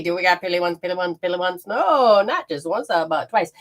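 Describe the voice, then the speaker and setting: A woman's voice: lowish voice, animated, a little fast. A woman hosting a casual live spirit reading, rambling, laughing often and acting out what the spirits say. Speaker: spiritual healer and medium.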